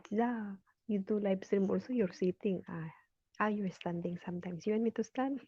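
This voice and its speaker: A woman's voice: mid-range voice, moderate pace, warm tone, slightly rough, no room sound. A woman from the Philippines hosting a casual live stream, reading out viewers' comments and greeting them by name, with frequent laughter. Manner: chatty, laughs often, reads viewer names aloud. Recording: dull lo-fi sound.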